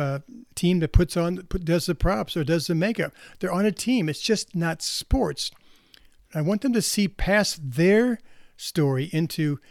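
A man's voice: on the high side, no echo, studio quality. A man speaking earnestly as a counselor to parents, often restarting and repeating words as he talks. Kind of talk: reflective spoken talk.

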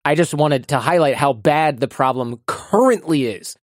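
A man's voice: fairly high pitch, moderate pace, no echo, clean studio sound. A man hosting an interview, asking questions in a reactive, empathetic way and thinking aloud as he goes. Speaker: podcast host. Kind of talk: conversational interview.

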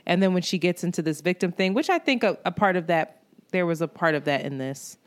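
A woman's voice: lowish voice, lively intonation, fairly quick. A woman co-hosting a podcast in casual chat, talking candidly and with plenty of swearing. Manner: candid and profane, with frequent laughs. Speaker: podcast co-host.

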